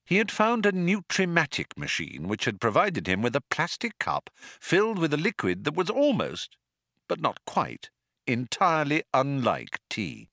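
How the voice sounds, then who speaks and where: A man narrating an audiobook in a dry, wry, unhurried storytelling manner. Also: fairly high pitch, huge pitch swings, sharp tone, no echo.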